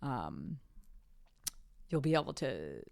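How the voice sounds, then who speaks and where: A woman's voice: extremely low pitch, very animated, takes it slowly, creaky, darkish tone, no room sound, studio quality. A woman hosting her own podcast, talking casually and upbeat, often correcting herself mid-sentence. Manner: chatty, self-correcting, upbeat sign-off. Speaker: podcast host. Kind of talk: casual solo podcast talk.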